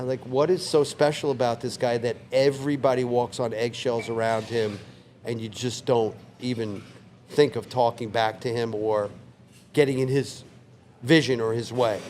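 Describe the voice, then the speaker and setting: A man in his sixties, a longtime bar owner, telling a story in a relaxed, vivid way on a couch in his bar. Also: mid-range voice, a little hiss or hum. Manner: relaxed, vivid anecdote teller who acts out quoted lines. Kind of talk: casual storytelling interview.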